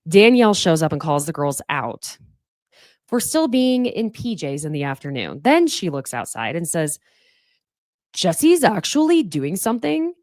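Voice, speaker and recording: Woman podcast host, low-ish voice with lively swings, sarcastic and foul-mouthed, dry close mic. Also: moderate pace, no room sound. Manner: sarcastic, swears freely, mocks cast members in put-on voices. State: fighting off sneezes. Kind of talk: casual reality TV recap.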